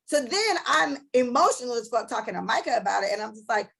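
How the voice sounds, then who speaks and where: A woman's voice: on the high side, lively intonation, fast talker, creaky, fairly bright tone, breathy edge, rough recording. A young woman co-hosting a casual podcast, telling a story bluntly and profanely and acting out both sides of an argument. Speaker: podcast co-host.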